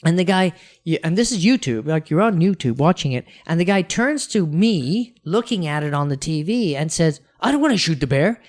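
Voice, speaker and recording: A man's voice: on the high side, normal speed. A man co-hosting a casual podcast, telling stories with lots of energy, acting out quotes and restarting his sentences. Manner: animated storyteller, acts out quotes, many restarts. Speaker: podcast co-host.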